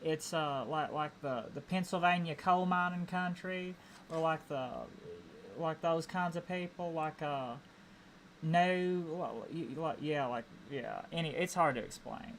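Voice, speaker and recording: A woman's voice: sits low, a little hiss or hum. A woman streamer with an Appalachian accent chatting casually while gaming, rambling, repeating words and restarting her sentences.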